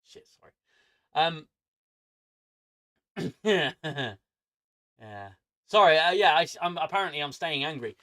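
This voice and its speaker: A man's voice: on the high side, lively intonation, takes it slowly, long pauses, fairly bright tone. A man with an angry manner who swears a lot, ranting casually on his livestream from home. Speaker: streamer.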